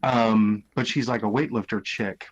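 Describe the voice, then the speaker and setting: A man co-hosting a casual podcast chat, talking in halting bursts full of ums and restarts. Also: fairly low pitch, steady tone. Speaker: podcast co-host. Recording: dull lo-fi audio.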